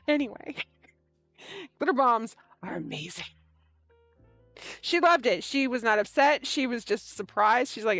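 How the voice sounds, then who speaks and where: A woman's voice: on the high side, a little slow, long pauses, no room sound, faint music behind. A woman hosting a knitting livestream, chatting casually and telling stories with lots of laughter. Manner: animated storyteller, laughing often.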